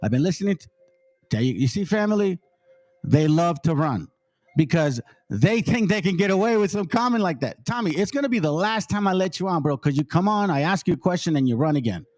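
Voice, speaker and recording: A man's voice: high-pitched, animated, fairly quick, darkish tone. A man hosting a livestream call-in, arguing hard with a caller, cutting in and repeating himself. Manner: interrupting, challenging, repeats himself. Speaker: livestream host taking callers. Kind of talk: heated call-in debate.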